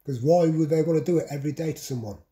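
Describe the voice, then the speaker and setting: A man's voice: on the high side, fast talker, mellow. A man talking in a repetitive, insistent vlog monologue, piling up long lists. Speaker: vlogger. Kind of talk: monologue to camera.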